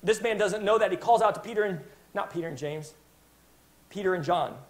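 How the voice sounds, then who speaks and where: A man's voice: high voice, brisk. A male preacher telling a Bible story in a sermon with passionate, dramatic storytelling. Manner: impassioned storytelling, dramatic retelling.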